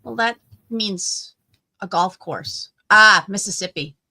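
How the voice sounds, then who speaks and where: A woman co-hosts a relaxed crafting livestream, chatting and reading out viewer comments. Her voice is bright and forward and sits in a middle pitch range. It is recorded close and dry, with no room echo. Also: takes it slowly. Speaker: crafting co-host. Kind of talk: casual crafting livestream chat.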